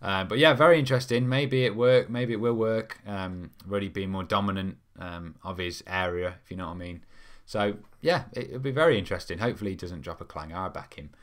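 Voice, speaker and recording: A man's voice: sits low, expressive, quick pace, few pauses, fairly bright tone. A young man, hosting a football fan live stream in a casual, rambling way, reading out viewer comments with lots of ums. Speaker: fan channel host.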